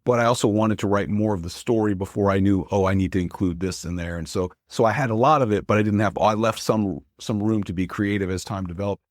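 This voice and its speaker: A man's voice: on the low side, quick pace, hardly any pauses, dry recording, studio quality. A male pastor and author, a guest in an interview, talking in an earnest, encouraging way as he thinks aloud. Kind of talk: interview conversation.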